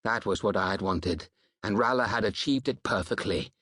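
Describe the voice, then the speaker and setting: A man with a fairly low voice reads a historical novel aloud in dramatic first-person audiobook narration. His telling is measured and unhurried, slowing further on the reflective passages. The recording is dry and close, with no room sound. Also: a bit bright, husky, no echo.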